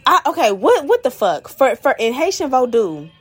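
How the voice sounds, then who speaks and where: A woman's voice: high-pitched, sing-song, moderate pace, breathy edge, soft background music. Blunt, profane woman ranting. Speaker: podcast host.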